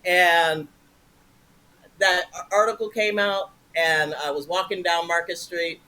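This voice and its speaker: A woman with a bright, punchy voice tells a story as an interview guest. She swears freely and acts out the people in her anecdotes. Her delivery is animated and casual. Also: lowish voice, takes it slowly.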